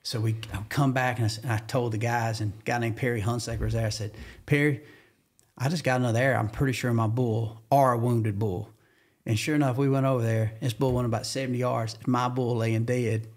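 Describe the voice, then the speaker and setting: A man from Georgia with a Southern accent, a podcast guest telling a hunting story in an animated way and acting out the quotes with sudden jumps in pitch. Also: fairly quick. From Georgia, USA. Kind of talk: animated storytelling in casual conversation.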